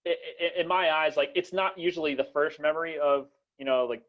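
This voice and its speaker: A man's voice: a little high, brisk, highs cut off. A young man hosting a podcast in casual chat, rambling with many fillers and restarts and laughing often. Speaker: podcast host.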